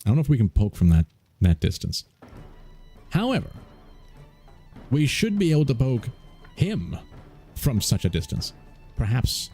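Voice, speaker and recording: A man's voice: medium pitch, dark tone. A man streaming a strategy game, joking playfully and laughing often as he comments on his moves. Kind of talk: casual let's-play commentary.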